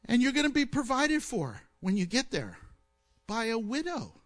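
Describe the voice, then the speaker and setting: A man preaching a sermon, telling stories with questions to the listeners and acting out the quoted voices. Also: moderate pace. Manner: animated storytelling, asks the audience questions and answers them; acts out quoted voices with swings in pitch and loudness.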